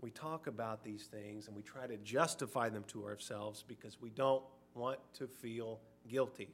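A man's voice: fairly low pitch, moderate pace, a little hiss or hum. A middle-aged man preaching a sermon in a conversational way, sometimes acting out short quoted voices.

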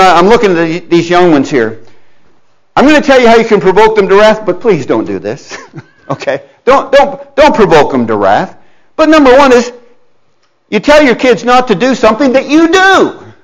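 A man's voice: sits high, low-quality recording. A man preaching a sermon in a conversational, emphatic way, addressing his listeners directly and acting out quoted parents. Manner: conversational, with restarts and asides to listeners.

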